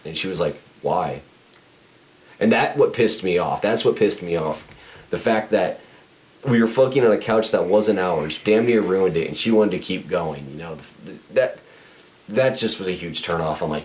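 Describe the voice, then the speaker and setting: A man's voice: sits low, normal speed. A young man telling a crude story on a podcast, blunt and profane, rambling with restarts. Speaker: podcast host.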